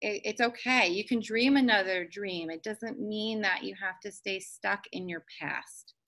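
A woman's voice: mid-range voice, measured pace, a bit bright. A woman hosting a casual podcast chat, talking in an earnest, reflective and motivational way.

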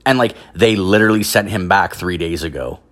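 Young man, from Canada, slightly low voice, rambling profane storytelling, heavy "like" fillers, higher-pitched mimicry of others. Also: brisk, a bit bright. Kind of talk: profane casual storytelling rant.

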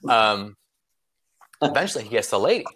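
A man's voice: fairly low pitch, sing-song, normal speed, sharp tone. A man hosting a podcast, telling a long joke in loose, rambling casual chat with frequent swearing and filler. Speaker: podcast host.

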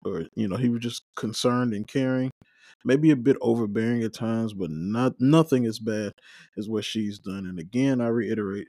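A man with a lowish voice talks through a show recap in a loose, conversational way, full of opinions and asides. The sound is dry and close, with no room echo. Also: a little mellow. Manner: conversational, opinionated, rambling with fillers. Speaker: watch-along recap host. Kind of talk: casual solo recap commentary.

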